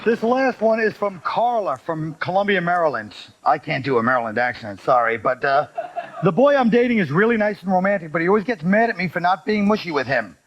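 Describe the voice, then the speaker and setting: A man hosting a comedy talk show, reading out viewer letters and giving sardonic mock advice with deadpan put-downs. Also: sits high, a little fast. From United States. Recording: slightly dull lo-fi TV audio, faint hiss.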